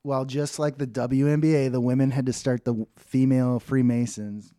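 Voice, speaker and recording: A man's voice: mid-range voice, level tone, moderate pace, mellow, no echo, clean studio sound. A man co-hosting a podcast in casual chat who rambles, restarts his sentences and laughs often. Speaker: podcast co-host.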